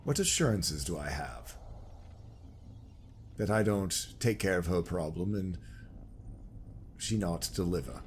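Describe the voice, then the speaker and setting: A man's voice: sits low, animated, slow pace, long pauses, slight background noise, exaggerated voice. A man playing a stern, cold adult son.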